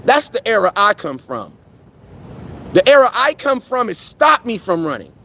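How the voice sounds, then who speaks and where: A young man hosting a live fan show, talking sports in a slangy, animated, preaching way with lots of repetition. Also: high-pitched, moderate pace, a little hiss or hum. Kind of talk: casual live-stream sports talk.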